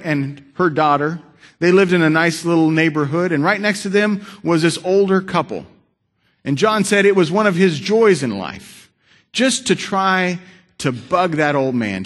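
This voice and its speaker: A man preaching a sermon, telling a story with dramatic shifts between loud and hushed delivery. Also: on the high side.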